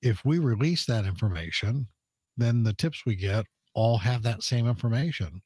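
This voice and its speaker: A man's voice: medium pitch, lively intonation, moderate pace, darkish tone, dry recording. A middle-aged man, a police public information officer, explaining a case earnestly as a radio interview guest, with many "uh" fillers.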